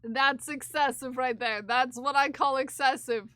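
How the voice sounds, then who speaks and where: Woman streaming live, high voice, slow and playful, dry close mic sound. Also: steady tone, pushed and bright, smooth, no room sound. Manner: playful, giggly, repeats phrases in silly drawn-out voices. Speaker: livestreamer. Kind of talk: casual live-stream chat with viewers.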